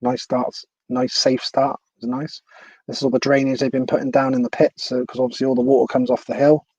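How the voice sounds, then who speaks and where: A man's voice: mid-range voice, flat delivery, a little fast, a little mellow, breathy edge, no room sound. A man hosting a casual live stream at home, chatty and laughing at himself. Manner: chatty, laughs often, self-deprecating. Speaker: livestream host.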